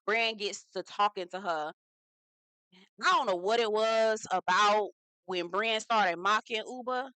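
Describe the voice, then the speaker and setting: A woman's voice: medium pitch, unhurried, pushed and bright, no echo, rough recording. A young woman, hosting a casual, chatty reality TV recap and slipping into the cast's voices. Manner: chatty, sassy, slangy storyteller acting out quotes.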